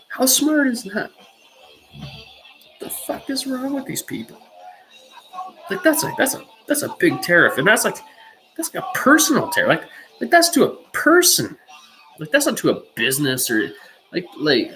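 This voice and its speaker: A woman's voice: deep voice, fairly bright tone, low-quality recording. Profane, ranting woman. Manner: heated, profane ranting with many fillers. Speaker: podcast host. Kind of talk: profane rant on a podcast.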